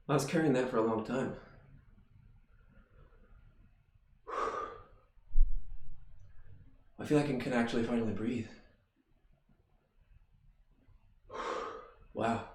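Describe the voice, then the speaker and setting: A deep, hushed, world-weary voice, as a streamer puts it on in improv, speaking quietly and sighing. A roomy echo surrounds the soft delivery. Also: close to an everyday voice. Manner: slow, low and hushed, with sighs.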